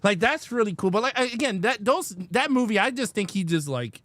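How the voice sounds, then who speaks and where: Brief: animated male podcast co-host, bright, lively pitch, dry close sound, laughs easily. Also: brisk, dry recording. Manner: animated, laughing often, reenacts movie lines. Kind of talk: casual live film review chat.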